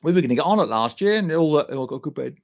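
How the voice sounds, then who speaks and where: Gravelly bloke chatting live. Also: male voice, a little high, animated, rapid-fire. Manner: loose, sweary and matey, answering chat by name. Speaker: live stream host reading viewer comments. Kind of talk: casual live chat.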